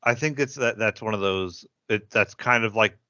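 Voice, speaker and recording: A man's voice: fairly low pitch, normal speed, pushed and bright, no echo, studio quality. A man co-hosting a podcast in casual chat, giving short, hesitant replies. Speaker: podcast co-host.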